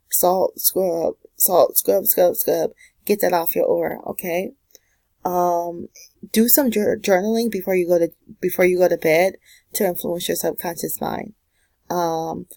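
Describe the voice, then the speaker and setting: A woman's voice: fairly low pitch, vocal fry, a little mellow, no room sound, low-quality recording. A woman giving a casual pick-a-card astrology reading, with sassy, slangy, direct advice. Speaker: tarot and astrology reader.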